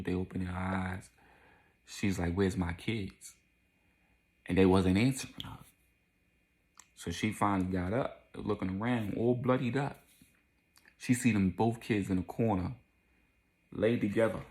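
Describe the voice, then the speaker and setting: A man narrating a casual storytime, animated, repeating lines and adding vocal sound effects. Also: low-pitched, gravelly.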